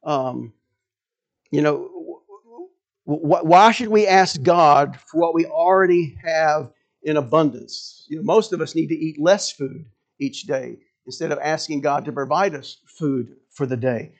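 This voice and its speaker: High-voiced pastor preaching conversationally. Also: male voice, measured pace. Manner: conversational preaching with frequent restarts and rhetorical questions. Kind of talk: sermon.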